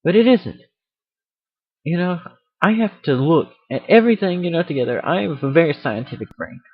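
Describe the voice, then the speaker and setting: A man's voice: on the high side, expressive, normal speed. A man hosting a casual rant video, rambling and joking about himself as he goes, recorded on a computer mic. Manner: rambling, self-aware, jokey. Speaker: video host. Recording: dry, dull computer mic audio.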